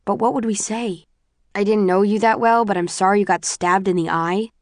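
A woman reading the lines of a thoughtful young man in an audiobook, low-key, wry and subdued. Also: steady tone, moderate pace, no room sound, studio quality, natural voice.

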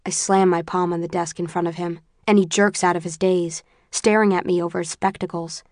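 A woman reading a first-person story aloud in a measured, often quiet and subdued way. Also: on the low side, fairly even intonation, no room sound, studio quality. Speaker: audiobook narrator. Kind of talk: first-person audiobook narration.

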